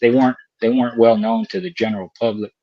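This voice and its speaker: A man's voice: medium pitch, very animated, fast talker, dark tone, no room sound. Folksy older male co-host, laughing storyteller, very dry close sound, muffled. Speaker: podcast co-host. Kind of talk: casual storytelling chat.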